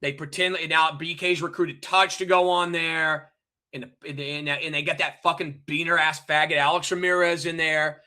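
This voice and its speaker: Ranting stream host, male, high and piercing, swears and repeats himself at chat. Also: flat delivery, normal speed, bright, forceful tone. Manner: heated, profane, repetitive, addresses chat directly. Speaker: livestream host. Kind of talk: angry ranting livestream monologue.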